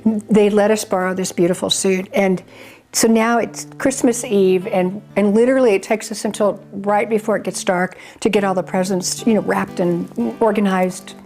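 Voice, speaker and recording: An older woman recounts her story in an earnest, loosely rambling way, often restarting her sentences. Her voice sits at an ordinary middle pitch, and there is faint music behind her. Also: steady tone, moderate pace, darkish tone. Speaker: charity founder. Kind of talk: personal storytelling interview.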